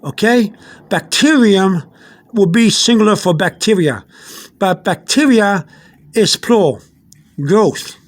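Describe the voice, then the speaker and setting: This Spanish teacher speaks slowly in a high, expressive voice, leaving long pauses. Filming an informal pronunciation lesson on a phone held in one hand, he patiently repeats words and often starts over.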